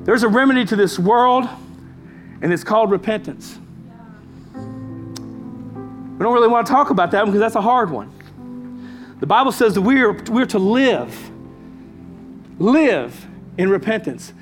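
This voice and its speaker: High-voiced man preaching a sermon. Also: animated, normal speed, long pauses, soft background music. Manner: emphatic preaching with repeated phrases and call-outs. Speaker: pastor.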